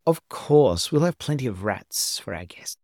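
A man's voice: mid-range voice, sing-song, dry recording, studio quality. A man reading as Morticia, a gracious gothic mother. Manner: gentle, measured and polite.

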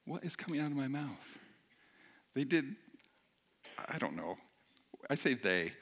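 A man preaching in a lively, conversational way, then praying quietly. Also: mid-range voice, measured pace, gravelly, pauses often. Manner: animated and conversational, rising loud when preaching. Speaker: pastor. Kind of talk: sermon then quiet prayer.

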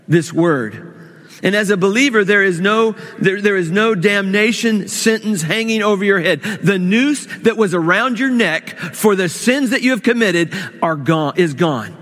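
A man's voice: high-pitched, a little slow, fairly bright tone. A man preaching a sermon, praying aloud and stressing key words by repeating them. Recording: long reverb of a large hall.

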